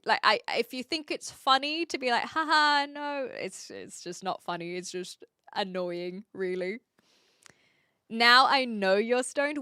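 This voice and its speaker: Woman streamer, casual reaction chat, exasperated, argues with chat, bright clear voice. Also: mid-range voice, no echo, studio quality.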